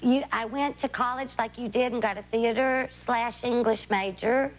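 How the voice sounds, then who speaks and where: A woman's voice: on the high side, fairly even intonation, moderate pace, low-quality recording. Southern woman guest, folksy, laughs easily, radio talk show feel. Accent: Southern US, Tennessee. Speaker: actress guest. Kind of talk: casual talk show interview.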